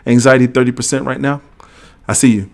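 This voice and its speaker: Brief: middle-aged male livestream host, mid-pitched, casual and talkative, reads rules aloud. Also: fairly even intonation, brisk, vocal fry, a little mellow. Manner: casual and talkative, reads legal text aloud, jokes with the chat. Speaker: host of a veterans' benefits livestream. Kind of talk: livestream explainer reading regulations and chatting with viewers.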